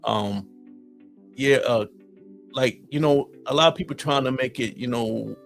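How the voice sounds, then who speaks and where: A middle-aged man from Ohio with an Ohio accent, hosting a casual live-stream chat, reading viewer comments and answering them in an animated, folksy way. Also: mid-range voice, a little slow, creaky, soft background music. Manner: animated, talks straight to viewers, folksy slang.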